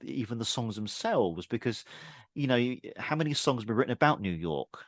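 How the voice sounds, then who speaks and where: A man's voice: medium pitch, animated, brisk, no echo, clean studio sound. A man hosting a podcast interview, asking questions with hesitant restarts and lots of listening sounds. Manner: warm backchannel, frequent "mm" and "yeah", hesitant restarts. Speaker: podcast host. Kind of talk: casual interview chat.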